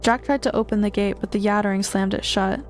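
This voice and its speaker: A woman streamer reading a horror book aloud, steady with small stumbles and restarts. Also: medium pitch, quick pace, soft background music.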